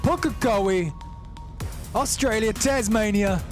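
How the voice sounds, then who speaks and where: Excitable Kiwi drift commentator, high voice. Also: male voice, moderate pace, over music. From New Zealand. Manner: excitable, rising into near-shouted calls. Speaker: sim-racing commentator.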